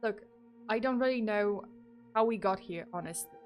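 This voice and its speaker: A woman's voice: medium pitch, moderate pace, a little mellow, faint music behind, lightly acted. A woman reading a nervous young lost hiker. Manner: read in the narrator's own plain voice.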